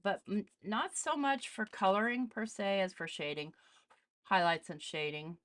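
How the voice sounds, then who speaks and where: A woman's voice: mid-range voice, a little slow, a bit bright, dry recording. A woman hosting a casual live art demonstration, chatting as she tests supplies and greets viewers. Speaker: art channel host.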